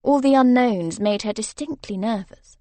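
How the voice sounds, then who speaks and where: A woman reading a romance novel aloud as narrator, soft and even in her storytelling. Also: on the high side, normal speed, dry recording. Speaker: audiobook narrator.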